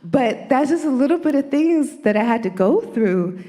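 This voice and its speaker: A woman who is a church elder, giving an animated testimony at a church service and talking directly to the congregation. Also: high-pitched, normal speed.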